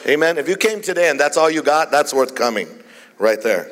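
A male pastor delivers his sermon in a playful, joking manner, spinning funny stories between scripture readings. His voice sits a little high for a man. The sound carries the long echo of a large hall. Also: expressive, a little fast, fairly bright tone. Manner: playful, jokey storytelling preacher.

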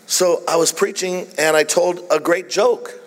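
A male pastor delivers his sermon in a playful, joking manner, spinning funny stories between scripture readings. His voice sits a little high for a man. The sound carries the long echo of a large hall. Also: steady tone, measured pace. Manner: playful, jokey storytelling preacher.

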